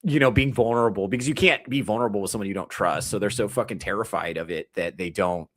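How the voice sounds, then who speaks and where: Male comedian, thirties, low register; loose profane streaming rant, rambling with animated mock quotes. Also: fast. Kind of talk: casual rant to a live chat.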